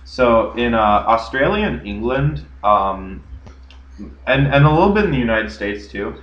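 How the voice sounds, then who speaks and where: A man's voice: mid-range voice, big pitch swings, unhurried, fairly bright tone. A young man co-hosting a casual podcast, telling stories with lots of fillers and restarts. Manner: rambling storyteller, many fillers. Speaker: podcast co-host. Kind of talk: casual chat. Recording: echoey room, dull lo-fi sound.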